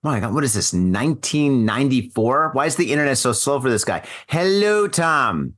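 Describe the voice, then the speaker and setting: A man's voice: mid-range voice, fairly quick. A middle-aged man hosting a casual live podcast over a video call, rambling, joking and repeating himself. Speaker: podcast host.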